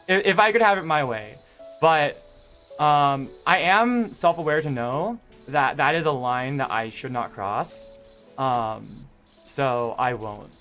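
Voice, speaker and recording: A man's voice: medium pitch, a bit bright. A young man chatting with his live-stream viewers in a casual, rambling way, full of fillers and restarts.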